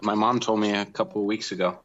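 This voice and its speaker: A man calling in to an advice show, talking hesitantly with many pauses and restarts. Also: on the low side, level tone, fairly bright tone. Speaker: caller. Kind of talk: call-in conversation. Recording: dull lo-fi call line.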